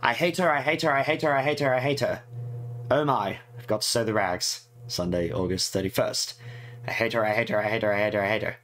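A man's voice: fairly low pitch, fairly quick, a bit bright, slight background noise, natural voice. A man voicing a fretful, spiteful young schoolgirl, reading her diary in a prim, theatrical way. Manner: prim, theatrical, swings from whimpering to gloating.

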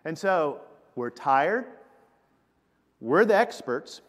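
A man preaching acts out a weary, exasperated fisherman who has worked all night, loud and pleading. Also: fairly high pitch, big pitch swings, slow, exaggerated voice. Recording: long reverb of a church hall.

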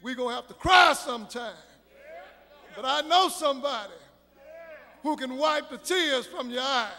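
A man preaching a sermon, swelling into shouted, sing-song preaching cadence, with a gravelly voice. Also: very high voice, lively intonation, normal speed. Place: church sanctuary. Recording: reverberant church hall with faint congregation.

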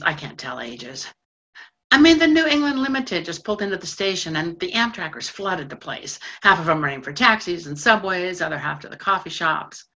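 A shy, lonely janitor. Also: female voice, deep voice, pushed and bright, heavily acted. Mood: wistful. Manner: confiding, breathless rushes of feeling. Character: lonely middle-aged female station janitor, shy. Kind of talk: stage monologue in a theatre broadcast.

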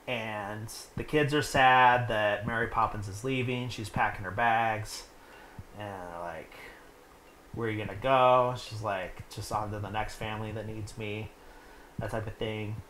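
A young man with a lowish voice recaps a film in a loose, rambling way, leaning on "like" between every thought. He sounds like he's in an echoey room, with a faint hiss underneath. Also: steady tone, slow, fairly bright tone. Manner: rambling, heavy use of "like". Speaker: podcast host. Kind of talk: casual movie recap.

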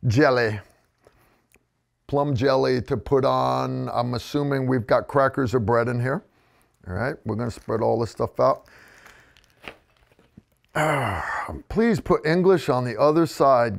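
A man's voice: medium pitch, vocal fry. An American man hosting a casual review vlog, joking and rambling in a folksy way. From United States. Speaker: host.

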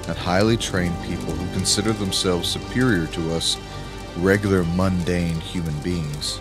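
A man narrating an audiobook in a grave, emphatic way with dramatic pauses. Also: low-pitched. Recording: music playing under the voice.

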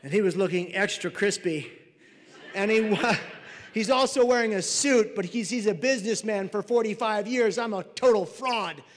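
A man telling a personal story on stage as a mental health speaker, animated and loud at the punchlines. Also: high voice, moderate pace. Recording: reverberant hall.

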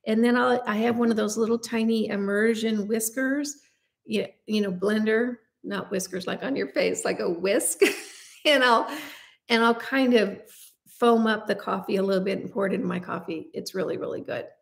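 A woman's voice: mid-range voice, normal speed, creaky. Chatty woman in her fifties. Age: 50s. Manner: chatty, confiding, self-deprecating asides. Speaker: beauty channel host. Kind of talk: casual Q&A chat to camera.

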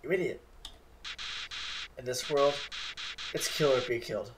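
A man reading aloud as a sly, two-faced flower creature from a game, a little louder than his own talk. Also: medium pitch, unhurried, distant mic, background noise, close to an everyday voice. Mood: menacing. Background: game music.

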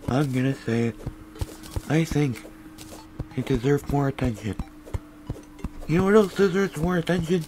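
A young man giving rambling comic gameplay commentary, goofy and full of random tangents with deadpan asides. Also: on the high side, normal speed, long pauses, soft background music, low-quality recording. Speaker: gaming video creator.

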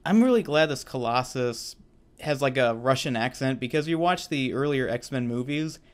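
Male co-host, casual film chat, smooth clear tone, rambling and upbeat. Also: medium pitch, animated, normal speed. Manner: rambling, enthusiastic, laughs often. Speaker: co-host reviewer. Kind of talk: casual unscripted movie review chat.

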